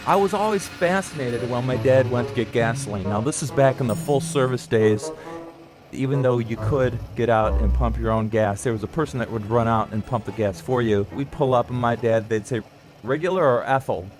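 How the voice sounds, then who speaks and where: Man, middle-aged, podcast host, storytelling monologue, nostalgic, mid-pitched, faint music underneath. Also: fairly quick. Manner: nostalgic, acts out quoted voices with some filler words.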